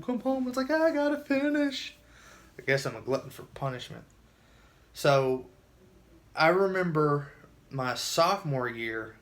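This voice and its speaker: A man's voice: mid-range voice, a bit bright. A man telling his own story in a casual vlog, earnest and emotional, often restarting his sentences.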